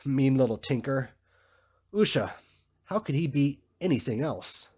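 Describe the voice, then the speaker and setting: A man voicing a bustling, grumbling male election canvasser in a storybook reading, with a husky, slightly muffled sound. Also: medium pitch, lively intonation, darkish tone. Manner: brisk, grumbling, complaining.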